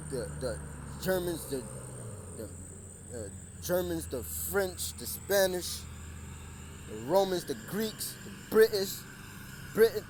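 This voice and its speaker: A man preaching and reading scripture outdoors by a street, often restarting his words and raising his voice over the traffic. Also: on the high side. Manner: repetitive, stumbling restarts, raises voice over traffic. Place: outdoors beside a busy street. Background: passing cars.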